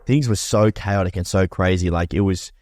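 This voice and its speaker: A man with an Australian accent co-hosting a podcast from home, chatting quickly and upbeat, often repeating words as he gets going. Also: low voice, a little mellow, dry recording, clean studio sound. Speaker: podcast co-host. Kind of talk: casual chat. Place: home, Melbourne.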